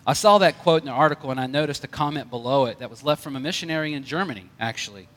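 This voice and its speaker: A man's voice: a little high, very fast, a bit bright, big-room sound. A male pastor preaching a conversational sermon with light jokes.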